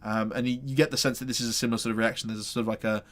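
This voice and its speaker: A man's voice: medium pitch, little pitch movement, rapid-fire, fairly bright tone. A man running a tabletop game as game master, narrating in a loose, rambling way full of fillers.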